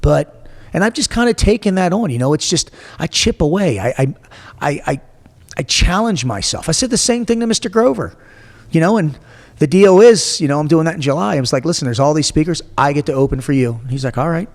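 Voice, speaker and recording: A slightly high, brisk male voice trails off into long reverb. The speaker, a guest in his forties, swears a lot as he bluntly and animatedly relates a story from his own life in a laid-back interview.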